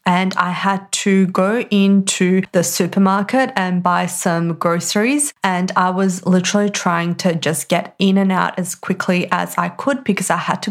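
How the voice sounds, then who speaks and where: A chatty woman in her thirties hosts a podcast in an animated, conversational way. Her voice sits at a middle pitch, and her talk is full of casual fillers. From Australia. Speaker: podcast host. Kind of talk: casual storytelling monologue.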